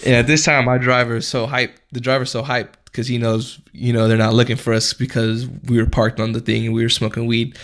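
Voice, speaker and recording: Gravelly laid-back young man telling stories. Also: mid-range voice, little pitch movement, a little fast, few pauses, fairly bright tone. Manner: laid-back, profane, slangy storytelling. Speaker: podcast host. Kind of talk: casual storytelling.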